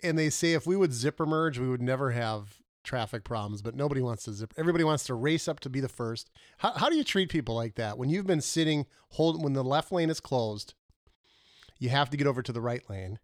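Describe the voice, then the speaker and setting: A man co-hosting a casual comedy podcast, telling animated stories with laughs and fillers. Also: medium pitch, fairly quick, no room sound, studio quality. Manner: animated storyteller, laughs often, trails off with fillers. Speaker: podcast co-host.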